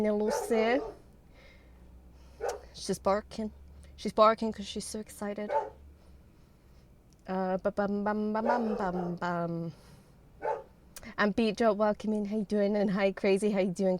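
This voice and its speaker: A young woman, streaming and chatting with her viewers in an excitable, bubbly way and swearing freely. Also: mid-range voice, slight background noise. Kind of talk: casual livestream chat with viewers.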